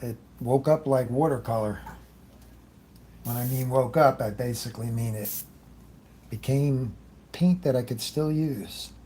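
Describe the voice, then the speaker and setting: Man, live painting demo host, unhurried, warm low-key tone, rambling, talks while working. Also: a little hiss or hum. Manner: rambling, chatty, greets viewers by name. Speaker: airbrush artist hosting a livestream. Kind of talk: casual live demonstration.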